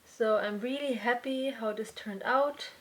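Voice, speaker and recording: Fairly high-pitched and unhurried, this young adult podcast host chats casually about crafts. She restarts often, leans on fillers, and occasionally comes across as slightly out of breath.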